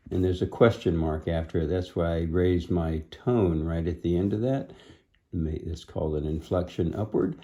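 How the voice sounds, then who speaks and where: A man slowly reading a children's book aloud, pausing gently to point out the pictures. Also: sits low, lively intonation. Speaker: storybook reader.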